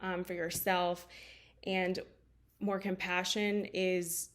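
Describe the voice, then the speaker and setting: A woman's voice: on the low side, flat delivery, slow pace. Candid, emotional woman telling a story. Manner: candid and emotional, with many fillers. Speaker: life coach. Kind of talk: personal storytelling talk.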